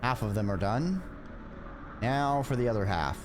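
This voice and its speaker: A man's voice: medium pitch, lively intonation, moderate pace, background noise. Playful man streaming a game. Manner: playful, chatty, muttering to himself. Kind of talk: casual gameplay chat.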